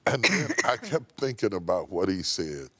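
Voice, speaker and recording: A man who is a bishop, speaking in a low, grounded voice. He tells his story with emphatic, preacherly force and leans hard on key words. The sound is close and dry, with no room around it. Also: sing-song, moderate pace, bright, forceful tone, slightly rough, no echo. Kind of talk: interview storytelling. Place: TV studio.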